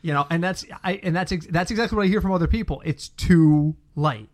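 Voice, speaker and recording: Middle-aged New man, podcast co-host, slightly higher voice, talks in lively anecdotes. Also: very fast. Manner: storytelling, animated anecdotes. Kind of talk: casual chat.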